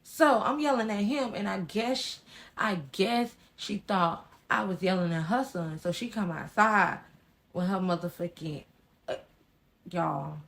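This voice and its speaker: A woman telling a personal story in a casual vlog, blunt and sassy, swinging between loud emphatic bursts and hushed asides. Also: mid-range voice, unhurried, creaky. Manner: blunt and sassy with frequent slang.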